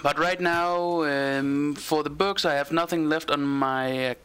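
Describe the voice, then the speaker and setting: A man acting as game master and streamer, chatting casually and haltingly, with many fillers. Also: on the high side, steady tone, fairly bright tone, clear, resonant tone. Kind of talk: casual chat between game sessions.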